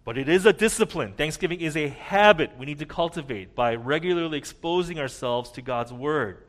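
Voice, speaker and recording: A man delivers a sermon in a fairly high voice. He swings from ringing emphasis down to quiet, hushed phrases, pressing each point with earnest conviction. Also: lively intonation, a little fast. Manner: earnest preaching with wide swings in loudness, dropping to a hush at key points. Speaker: pastor.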